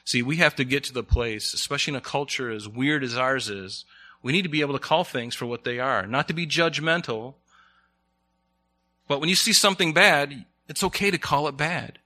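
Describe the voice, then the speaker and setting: A man's voice: medium pitch, fairly quick, bright, forceful tone. A man preaching a sermon in a conversational way, often asking the congregation questions.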